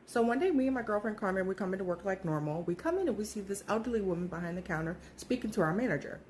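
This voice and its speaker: Animated woman in her thirties telling a story. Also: mid-range voice, racing, slight background noise. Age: 30s. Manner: animated, acts out quoted voices, swears freely. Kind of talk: casual storytelling.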